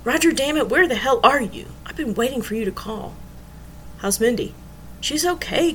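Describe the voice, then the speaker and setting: A man's voice: very high voice, fairly bright tone, slight background noise, pitched above the performer's own voice, full character voice, rough recording. A woman reading the lines of an angry man who presses his friend for answers. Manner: angry, pushing hard.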